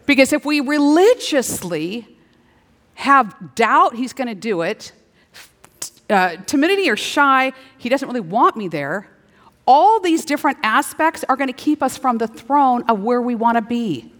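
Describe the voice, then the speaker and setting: A middle-aged woman preaching a sermon, playful and animated, slipping into little acted-out dialogues. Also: high voice, measured pace. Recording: long hall reverb.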